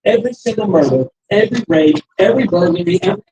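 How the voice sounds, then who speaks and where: Male rally speaker, high-pitched and animated, acts out his anecdotes. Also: quick pace, highs cut off, background noise. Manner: animated storyteller who acts out the quoted voices. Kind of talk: political rally speech with anecdotes. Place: restaurant campaign stop.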